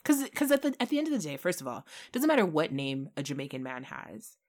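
A woman podcast host in casual chat, telling stories in an animated way and laughing often. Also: deep voice, fast.

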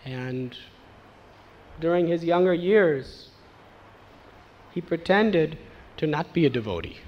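A man's voice: on the high side, slow pace, dull audio, slight background noise. Man telling a devotional story in a sermon. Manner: animated storytelling, acting out quoted voices. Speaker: spiritual teacher.

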